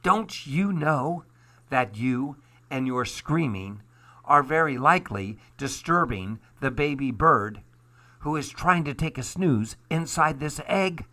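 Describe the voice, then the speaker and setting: A man puts on a high, fussy storybook duck, a bossy little know-it-all who scolds and boasts. The voice sits well above a normal speaking voice, bright and pushy, and every line sounds like he is sure he is right. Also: expressive, slow, full character voice. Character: bossy, excitable male duck. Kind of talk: storybook read-aloud.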